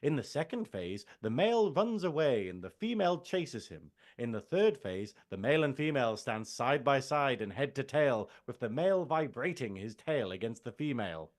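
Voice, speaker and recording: A man's voice: mid-range voice, big pitch swings, normal speed, few pauses. A man co-hosting a casual film review podcast, chatty and wry, reading out trivia with comic timing. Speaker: podcast co-host.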